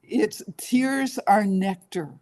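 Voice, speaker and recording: A therapist appearing as an interview guest speaks slowly in a medium-pitched, slightly mellow voice. She talks earnestly and coaches, often voicing her clients' inner thoughts.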